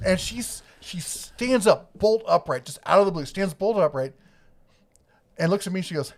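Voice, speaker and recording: A middle-aged man hosts a relaxed home livestream with his wife, spinning family anecdotes and reading out viewer comments. His voice sits a bit high for a man. He chuckles easily as he talks. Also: unhurried. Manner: storytelling, chuckles often. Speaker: livestream co-host.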